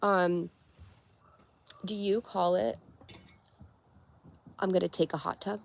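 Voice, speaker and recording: A woman's voice: fairly low pitch, fairly even intonation, slow, gravelly. A young woman from Connecticut hosting a casual livestream, chatting and giggling as she answers viewers' comments. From Connecticut, USA. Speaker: livestream host.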